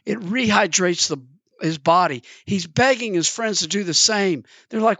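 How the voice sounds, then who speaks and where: A man's voice: normal speed, sharp tone, breathy edge, no echo. A man preaching a sermon, telling a parable in an earnest storytelling manner. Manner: earnest, storytelling, acts out the characters in pitch.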